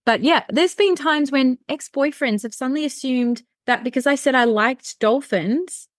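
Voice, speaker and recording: A woman's voice: sits high, normal speed, no room sound, clean studio sound. A woman hosting a podcast interview, chatting casually and affirming her guest often. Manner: warm, affirming listener with frequent agreement. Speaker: podcast host.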